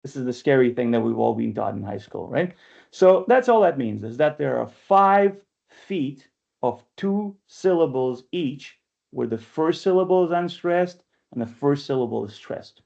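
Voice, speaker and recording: A man's voice: mid-range voice, animated, moderate pace, creaky, darkish tone, highs cut off. A man leading an online poetry workshop, talking in a chatty way and often checking in with "right?", heard over a video call. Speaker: workshop leader and press editor.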